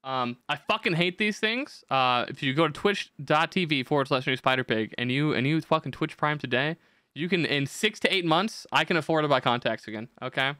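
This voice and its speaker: A man's voice: on the high side, a little fast, pushed and bright, smooth, no echo, clean studio sound. A young man hosting a podcast, telling crude, profane comic stories in a brash, rambling way. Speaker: podcast host. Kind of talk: crude comedic rant.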